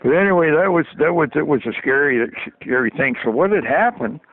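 An older man telling a story in a folksy, animated way, chuckling as he goes. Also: on the high side, a little fast, no room sound. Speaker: storyteller guest. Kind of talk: casual anecdote on radio. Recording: tinny phone line on radio.

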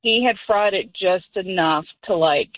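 A woman's voice: medium pitch, measured pace, no room sound, narrow, tinny audio. A woman calling in to a radio show, telling a story with laughs and putting on voices. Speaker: caller. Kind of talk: phoned-in story.

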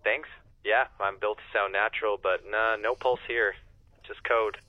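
A man's voice: lowish voice, fairly even intonation, a little slow, no echo, dull audio. A synthetic male AI voice agent answering questions in a casual, upbeat customer service manner with short replies. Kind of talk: customer service phone chat.

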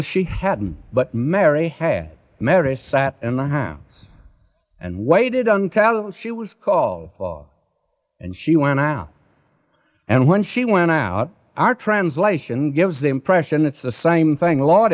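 A man preaching a sermon in an earnest way, often turning to the listeners with direct questions. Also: mid-range voice. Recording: dull lo-fi recording.

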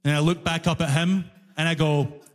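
A Scottish comedian with a Glasgow accent tells a story on stage, switching between voices as he acts it out. His voice sits high and lively, and a long reverb trails off the hall around him. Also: moderate pace. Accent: Glaswegian. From Scotland. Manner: animated storytelling, acting out both sides. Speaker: stand-up comedian. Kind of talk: stand-up comedy set. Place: large concert hall stage.

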